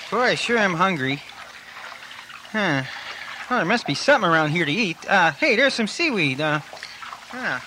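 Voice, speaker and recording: A man's voice: high-pitched, very animated, normal speed, pauses often, background noise. A man playing a goofy, naive radio DJ hero in a comedy radio serial, with a dim, drawling, easily puzzled way of talking. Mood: musing.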